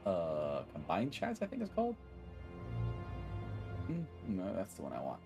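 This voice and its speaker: A man's voice: deep voice, huge pitch swings, measured pace, music in the background. A man streaming casually, rambling cheerfully, greeting viewers by name and joking at his own expense. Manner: self-deprecating, loses his train of thought. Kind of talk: casual live-stream chat.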